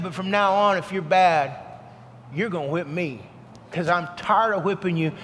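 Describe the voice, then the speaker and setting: A man preaches to a congregation, with an earnest, storytelling manner that often drops to a quiet, heartfelt hush. His voice sits a little high. A long reverb from the hall trails behind him, over a faint hum of room ambience. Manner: earnest storytelling, softening to a hushed emotional delivery. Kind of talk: sermon with personal story.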